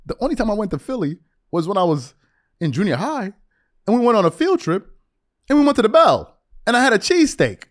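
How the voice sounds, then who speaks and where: New dude ranting about hoops, slangy, stumbles and restarts, voice jumps up and down a lot. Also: male voice, high-pitched. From New York. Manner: animated, slangy, quick restarts. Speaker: sports commentator. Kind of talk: casual sports commentary.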